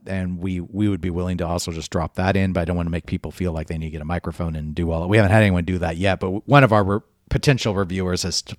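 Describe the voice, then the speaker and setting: A man co-hosting a casual podcast who thinks out loud, restarting his sentences and cracking jokes. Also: fairly low pitch, no echo, clean studio sound. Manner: thinks aloud with restarts, jokey. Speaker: podcast co-host.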